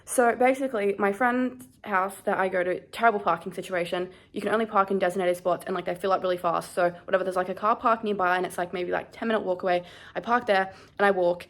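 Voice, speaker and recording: Brief: young woman vlogger, shaken and rambling, mid-pitched voice, storytime chat. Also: steady tone, fast talker. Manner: shaken, rambling, heavy use of "like". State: shaky and scared.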